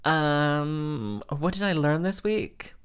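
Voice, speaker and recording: A man's smooth, slightly high voice carries lively intonation at a slow pace as he hosts a solo podcast. He rambles through stories with fillers, dramatic asides, and self-mockery in a casual chat.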